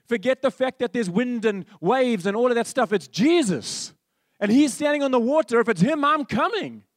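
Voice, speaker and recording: A man's voice: very high voice, a little fast, dry recording, studio quality, voice pushed up. A man doing an eager, bold fisherman disciple. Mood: determined. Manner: excited, urgent pleading.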